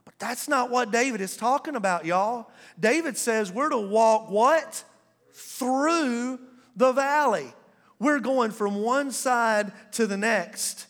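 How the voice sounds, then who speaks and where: Male pastor, high tenor, unhurried call-and-response preaching, reverberant sanctuary. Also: a bit bright. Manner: call-and-response preaching, drawn-out emphatic words. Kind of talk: sermon. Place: church sanctuary.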